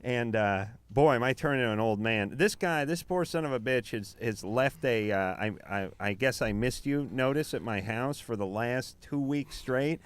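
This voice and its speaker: A man's voice: mid-range voice, normal speed, hardly any pauses, smooth, no room sound. A man co-hosting a late-night call-in radio show, telling stories in a rambling, joking way with lots of fillers.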